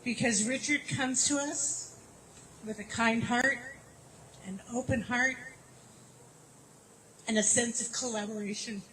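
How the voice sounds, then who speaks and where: A woman's voice: on the high side, fairly even intonation, slow, long pauses, pushed and bright, low-quality recording. Woman, emotional tribute speaker; laughs through tears, faint background noise. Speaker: community program director.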